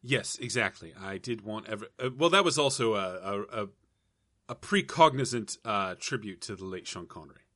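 A man on a comedy podcast keeps his jokes dry and mock-formal, with halting fillers. His tone is bright and forward, and his pitch rises and falls in a lively way. The sound is close and dry. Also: no echo. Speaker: podcast co-host. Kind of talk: deadpan improvised comedy bit.

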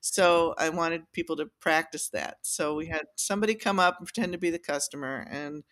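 A violin maker appearing as a podcast guest tells a story from her workshop in casual conversation. Her voice is low-pitched and fairly bright, and she talks briskly, laughing often, with lots of fillers and restarts.

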